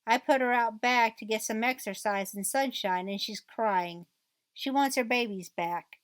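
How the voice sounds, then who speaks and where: With a fairly high, natural voice and an unhurried pace, a woman reads aloud the quoted rant of a bitter divorced mother. She keeps it mostly plain, with little acting, and there's no room sound.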